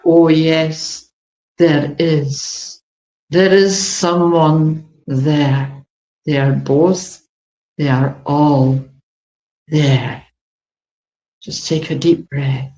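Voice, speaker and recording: Lady guiding a meditation real slow and gentle, kinda muffled, echoey room. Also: deep voice, steady tone. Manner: slow, gentle, flowing delivery with pauses. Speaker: meditation guide. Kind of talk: guided meditation. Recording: dull, echoey room recording.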